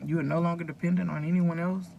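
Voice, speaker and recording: Woman vlogger with a gravelly, creaky voice; casual, earnest, rambling address to camera. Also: lowish voice, little pitch movement, fast, lo-fi sound, slight background noise. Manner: earnest, rambling, advice-giving to viewers. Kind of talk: casual direct-to-camera talk.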